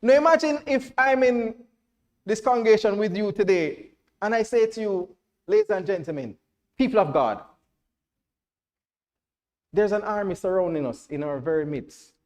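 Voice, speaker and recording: High-voiced Jamaican preacher in full sermon. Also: male voice, moderate pace, long pauses. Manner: checks in with the congregation, swells to loud emphatic declarations. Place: church before a congregation.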